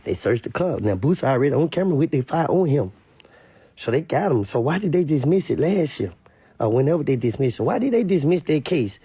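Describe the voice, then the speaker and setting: A man giving casual street commentary to camera, animated and repetitive, sometimes mimicking others in a high voice. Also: fairly quick, slightly rough, no room sound.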